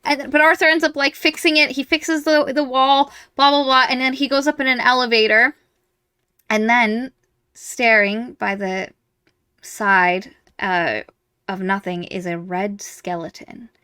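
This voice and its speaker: A woman co-hosting a podcast, chatting casually about a book series, animated, acting out reactions and swearing freely. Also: a little high, measured pace, smooth, dry recording. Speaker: podcast co-host.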